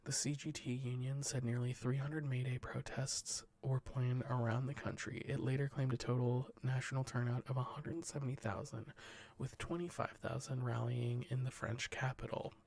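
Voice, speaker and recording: A man whispers the news ASMR-style into a close mic, tripping over words and stopping for dry, joking asides. His mid-range voice is creaky and steady, moving at a normal pace, with no room sound.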